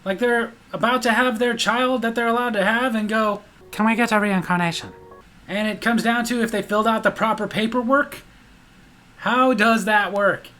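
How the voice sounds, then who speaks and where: High-voiced man ranting incredulously. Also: steady tone, normal speed, pushed and bright. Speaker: vlog host. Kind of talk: comedic monologue.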